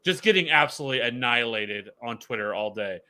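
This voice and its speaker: A man's voice: mid-range voice, lively intonation, quick pace, a loud crowd. A man co-hosting a fantasy football show in casual chat, rambling with frequent restarts and fillers.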